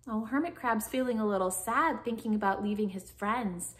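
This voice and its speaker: A woman reading a picture book aloud to children, pausing to lead them in movements and cheering them on. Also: on the high side. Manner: animated, guiding children through movements. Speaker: children's storyteller.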